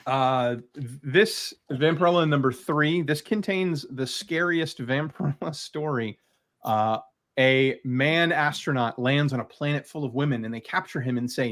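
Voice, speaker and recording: A man's voice: medium pitch, unhurried, fairly bright tone. A man chatting casually and eagerly about his collection as a guest creator, rambling with lots of fillers. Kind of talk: casual video chat.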